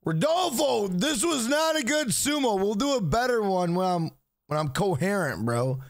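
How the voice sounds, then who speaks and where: An exhausted man chatting on a game stream. His voice sits high but rises and drops a lot, and phrases trail down into a weary mumble. The sound is close and dry, with no room around it. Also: big pitch swings, moderate pace, gravelly, dry recording. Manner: weary and mumbling, trailing off low, repeats himself with "bro". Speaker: gaming streamer. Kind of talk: casual live-stream chat.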